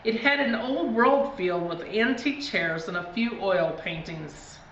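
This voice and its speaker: A woman reads a spooky children's book aloud at a slow, deliberate pace, leaning into the drama. Her voice is bright and forceful. The recording sounds distant and roomy, a little dull, with a faint hiss. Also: mid-range voice, expressive. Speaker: reader. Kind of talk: storybook reading aloud.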